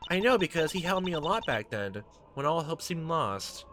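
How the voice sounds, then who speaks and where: A man's voice: on the high side, big pitch swings, normal speed, voice pushed up. Man voicing a bubbly young woman. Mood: earnest. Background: game music.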